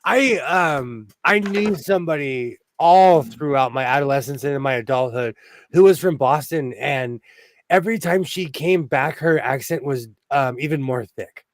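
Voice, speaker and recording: Chatty man with a lightly high voice. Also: moderate pace, no room sound. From West Coast of the US. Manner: chatty, laughs often, tells rambling stories. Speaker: show host. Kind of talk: casual chat while sewing.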